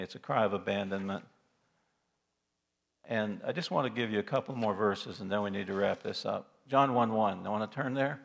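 A male pastor delivering a Sunday sermon in a church. His preaching is earnest and emphatic, doubling back on phrases and swinging from ringing emphasis to near-whispered hushes. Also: lowish voice, moderate pace, vocal fry.

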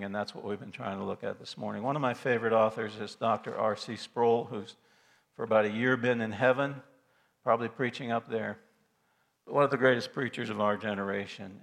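A male pastor delivering a Sunday sermon in a church. His preaching is earnest and emphatic, doubling back on phrases and swinging from ringing emphasis to near-whispered hushes. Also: medium pitch.

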